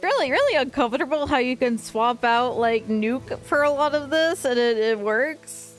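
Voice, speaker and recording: A woman's voice: high-pitched, animated, moderate pace, faint music behind. A woman streamer chatting casually over a game, joking and swearing as she reacts.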